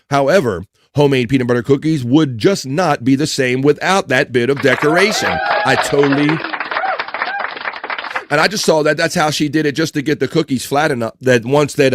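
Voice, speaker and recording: A man's voice: mid-range voice, no room sound, studio quality. A man hosting a casual live stream, reading chat and food trivia aloud, joking, laughing and stumbling over words. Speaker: livestream host.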